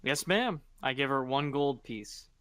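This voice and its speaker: A man's voice: medium pitch, expressive, measured pace, a bit bright, clear, resonant tone, no room sound. Male player, hesitant polite speech, resonant tone, dry room. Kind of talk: tabletop role-play.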